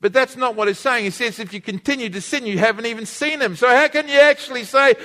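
Male pastor, high-pitched, lively sermon delivery, reverberant church hall. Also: a little fast, few pauses. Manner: animated preaching, asks the congregation to repeat words.

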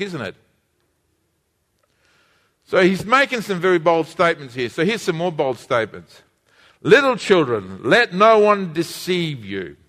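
Guy preaching a sermon, pretty high voice, lots of echo, gets the crowd to say stuff back. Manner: animated preaching, asks the congregation to repeat words. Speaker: pastor.

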